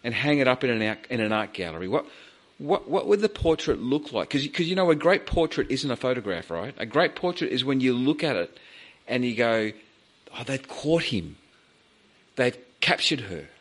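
A man preaching a sermon in a church, animated and rising in pitch as he acts out the pleas in the passage. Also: fairly quick.

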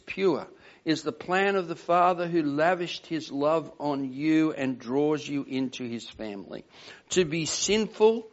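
An older man preaching a sermon in an earnest, emphatic way, often putting questions to the congregation. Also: fairly high pitch. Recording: dull lo-fi sound.

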